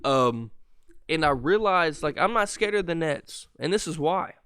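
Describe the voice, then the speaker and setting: A man hosting a solo podcast, ranting with profanity and exasperation, with a lisp and a stutter, his voice wearing hoarse. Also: fairly high pitch, expressive, unhurried, fairly bright tone. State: voice going hoarse. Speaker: podcast host.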